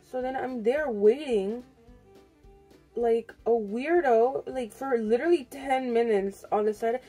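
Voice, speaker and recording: A young woman with a high, light voice talks straight to her camera at home, rambling through an exasperated story and cursing freely as she rushes to get ready. Faint music plays softly underneath. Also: breathy edge. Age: young adult. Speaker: vlogger. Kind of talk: casual get-ready-with-me vlog chat. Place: home, indoors.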